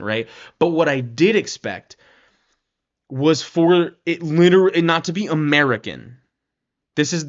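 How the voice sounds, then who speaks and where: A man's voice: on the high side, a bit bright, lo-fi sound. A man giving a casual, rambling film review rant, leaning on "like" and "right?" and swearing now and then.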